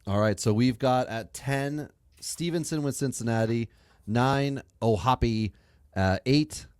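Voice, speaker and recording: A man's voice: medium pitch, a little slow, a little mellow, smooth. A man hosting a casual fantasy sports podcast. He drops dry one-liners and recaps rankings in order. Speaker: podcast host.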